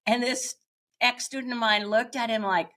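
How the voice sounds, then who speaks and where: A woman's voice: a little high, fairly even intonation, moderate pace, fairly bright tone. An older woman, a retired teacher now teaching yoga, candidly telling her own story as an interview guest and searching for her words as she goes. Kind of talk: reflective personal storytelling.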